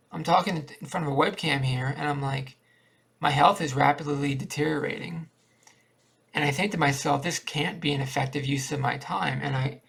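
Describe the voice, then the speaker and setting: A man's voice: on the high side, gravelly, fairly bright tone, slightly rough. A man rambling in a downbeat, repetitive confessional monologue to a cheap webcam at home. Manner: downbeat, repetitive, thinking aloud. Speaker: vlogger.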